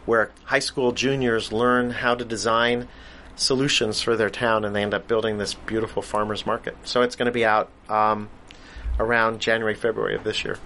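A man talking as a guest on a casual show, relaxed and explanatory. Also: lowish voice, moderate pace, a little hiss or hum. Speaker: guest writer and producer. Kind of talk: casual interview talk.

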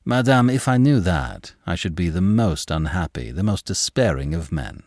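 A man voicing a passionate young gentleman who speaks with formal gallantry and heated conviction. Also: low voice, sing-song, moderate pace, no room sound, studio quality, voice pushed down, full character voice.

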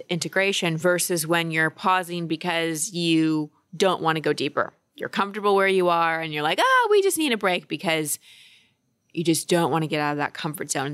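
A woman's voice: deep voice, a bit bright, dry recording, studio quality. A woman relationship coach co-hosting a casual podcast chat, talking in an earnest, upbeat way.

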